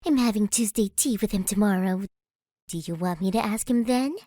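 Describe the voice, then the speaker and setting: A woman reading a fan audiobook and voicing a gentle, shy young female pegasus pony who speaks softly and sweetly. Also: mid-range voice, moderate pace, dry recording, lightly acted. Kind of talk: audiobook character voice.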